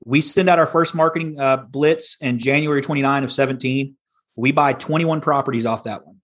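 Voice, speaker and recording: A man's voice: medium pitch, fairly even intonation, fairly quick, fairly bright tone. A middle-aged man from Texas, a podcast guest telling his story in a candid, casual way with frequent restarts. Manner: candid, many restarts and repeats.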